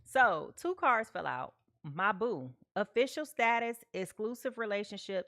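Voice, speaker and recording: A woman's voice: medium pitch, animated, a little slow, fairly bright tone, no room sound. Chatty woman tarot reader, dry sound. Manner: chatty, repeats "okay?" often, talks to chat. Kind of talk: live tarot reading.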